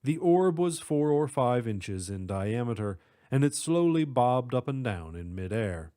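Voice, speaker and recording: A man narrating a story in a steady, measured way. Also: mid-range voice, clear, resonant tone.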